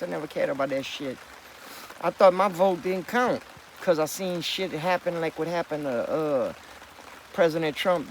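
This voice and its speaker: A man rambling to the camera in a loose, profane, emphatic way, throwing in folksy words like partner and boy. His voice sits a little higher than most men's. A faint hiss of noise sits under the talk. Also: rough recording. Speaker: vlogger.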